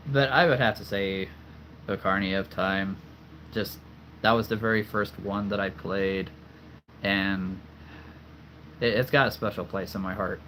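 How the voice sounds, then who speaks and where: A livestream host with a lowish, somewhat bright voice chats casually with viewers, laughing often while his voice gives out. A slight hiss or hum sits in the background.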